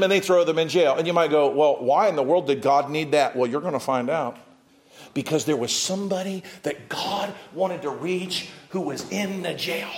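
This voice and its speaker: A man preaching a sermon, reading scripture and breaking into animated asides to his congregation. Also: high voice.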